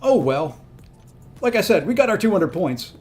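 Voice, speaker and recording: Soft music sits under a high, husky, darkish voice that is very animated yet moves at normal speed. The speaker is a streamer giving easygoing, rueful commentary on a mobile fighting game, murmuring to himself and his viewers and urging his opponent on.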